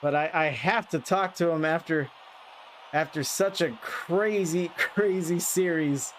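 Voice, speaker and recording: A man with a high voice calls an online esports match play by play from a home streaming setup. He gets excitable and yells at the big plays. A faint hiss sits under his voice. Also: a little slow. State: out of breath. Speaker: esports caster. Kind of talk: play-by-play commentary.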